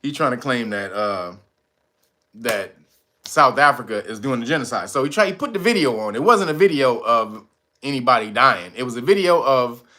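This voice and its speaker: A man hosting casual political commentary, profane and animated, laughing often. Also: mid-range voice, slight background noise. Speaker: commentary channel host.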